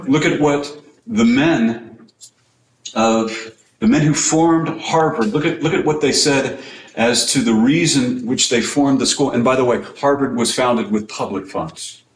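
A man preaches at a middling pitch, stressing his points with repetition and pointed rhetorical questions. His voice rings through a roomy, echoing space. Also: unhurried. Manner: emphatic, rhetorical questions, repeats key phrases. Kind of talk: sermon-style teaching.

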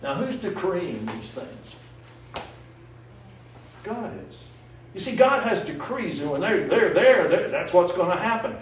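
A man's voice: high voice, sing-song, slow pace, long pauses, a little hiss or hum. Echoey male preacher from a distance. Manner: teaching, explaining Hebrew words to the congregation. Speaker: pastor. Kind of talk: sermon. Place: church sanctuary. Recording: echoey room, voice from far off.

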